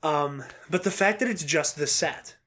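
A man co-hosting a podcast, reading a news story aloud in a casual, excitable way, laughing often and swearing casually. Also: a little high, unhurried, over a noisy crowd. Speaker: podcast co-host.

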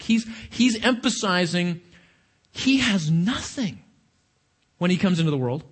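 A man preaching a sermon, questioning his congregation and stressing his points. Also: high voice. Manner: questioning the audience, emphatic.

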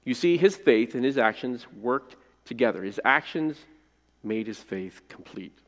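Male pastor, mid-pitched, dynamic sermon delivery, recorded with a long church reverb. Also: expressive, measured pace. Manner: dynamic, swings from loud emphasis to hushed phrase endings. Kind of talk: sermon with scripture reading and prayer. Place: church sanctuary. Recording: long reverb of a large hall.

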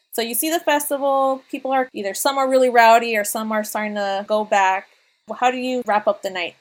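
Chatty woman game master. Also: fairly high pitch. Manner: relaxed, chatty, laughs often. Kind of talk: narrating a tabletop game.

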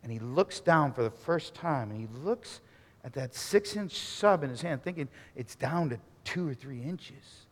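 A man preaching a sermon, telling a story dramatically and swinging from near-shouts to hushed murmurs. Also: on the high side, lively intonation, unhurried, in a large hall. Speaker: pastor.

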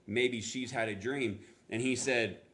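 At a measured pace, a man preaching as pastor tells a story with animation, acting out quotes through sudden jumps in pitch. He sprinkles in self-deprecating asides.

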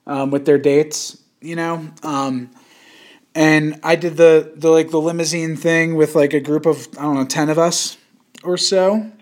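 A man's voice: on the high side, level tone, unhurried. A young man from the suburbs of New York City hosting a podcast, telling crude jokes in casual chat. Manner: crude joking, puts on an old-timey voice. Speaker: podcast host.

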